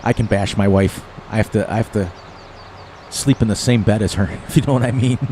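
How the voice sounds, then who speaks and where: A man's voice: on the low side, fairly quick, warm tone, a little hiss or hum. A man in his sixties from the eastern United States, chatting casually and rambling while playing a farming game, often laughing at his own jokes. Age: 60s. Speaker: gaming streamer. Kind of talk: casual gameplay commentary.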